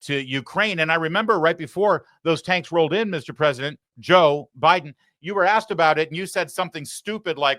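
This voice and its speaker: A man hosting a political commentary show, heated and sarcastic, swinging from loud outbursts to low muttering. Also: fairly quick, few pauses, no room sound, studio quality. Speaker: host.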